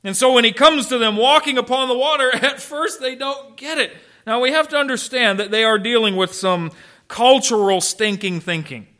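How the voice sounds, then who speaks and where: A man's voice: very high-pitched, normal speed, sharp tone. A man preaching a sermon, emphatic, with rhetorical questions and dry humor. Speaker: pastor.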